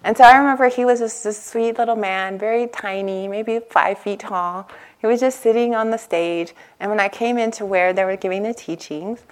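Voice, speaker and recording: A woman meditation teacher speaks to a retreat audience in a middle-pitched voice, in a casual, chatty style. She tells stories with lively energy and acts out her own past thoughts. Her talk is loose and full of everyday fillers. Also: moderate pace. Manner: casual and chatty with many "like" and "you know" fillers. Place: meditation hall before a live audience.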